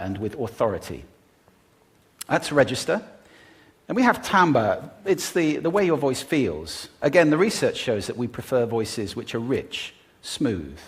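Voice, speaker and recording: A man giving a talk on stage to a live audience about speaking, deliberately varying his pitch, pace and volume. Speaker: public speaker on voice.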